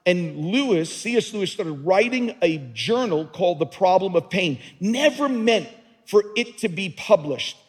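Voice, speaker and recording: A male pastor delivers a sermon, earnest and emphatic, doubling back on words as he drives each point home. His voice sits high and carries a husky edge. A long reverb from a large hall trails his words. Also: lively intonation, measured pace.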